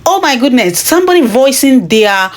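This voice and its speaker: A woman's voice: high voice, very animated, moderate pace. Earnest woman vlogger. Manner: earnest, dismayed, addresses viewers as guys. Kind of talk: news commentary vlog.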